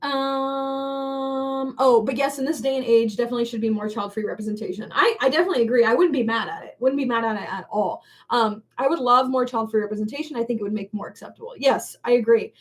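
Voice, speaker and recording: A woman's voice: fairly high pitch, fast talker, distant mic. A young woman hosting a casual get-ready-with-me livestream from home while doing her makeup, talking in a chatty way full of "like" and "um". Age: young adult. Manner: chatty, lots of "like" and "um" fillers. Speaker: livestream host.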